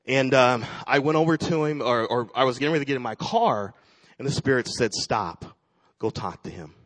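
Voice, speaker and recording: A man's voice: medium pitch, fairly quick, fairly bright tone. A man who directs a church ministry team tells a personal testimony to the congregation, speaking earnestly and acting out the people in his story. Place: church sanctuary.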